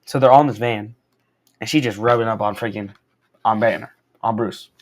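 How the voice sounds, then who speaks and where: A young man recapping and reviewing a comic book in a casual, slangy, excitable way, wearing a corded mic as he moves around. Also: on the low side, a little fast. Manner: slangy and excitable, lots of "bro" and "like". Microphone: wearing a corded mic while walking around.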